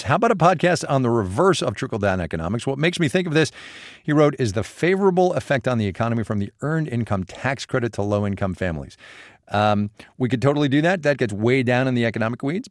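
A man's voice: medium pitch, sing-song, quick pace, creaky, dry recording, studio quality. A man hosting a casual podcast, reading listener mail with a wry, self-deprecating manner. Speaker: podcast host.

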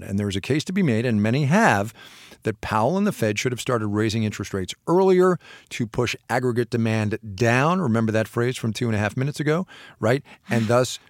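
A man co-hosts a podcast and talks through a question in loose, conversational bursts, breaking into laughter and restarting himself. His pitch swings widely from low to high. The recording is dry and close, with no room sound. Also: no echo. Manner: lively, laughing, self-interrupting explainer. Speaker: podcast co-host. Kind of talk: casual explanatory chat.

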